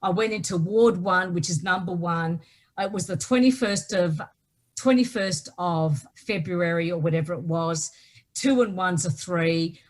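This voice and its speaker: On the low side and a little slow, this Australian woman's voice carries a personal story she tells as a guest author. She's emphatic throughout and keeps tossing in "right?"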